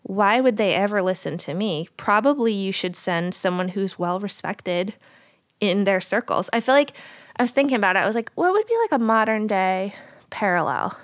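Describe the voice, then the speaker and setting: A young adult woman co-hosting a casual Bible discussion podcast, telling the story with lively put-on voices for the people in it. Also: medium pitch, moderate pace, no echo, clean studio sound. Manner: animated storyteller, acts out voices in quotes. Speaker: podcast co-host.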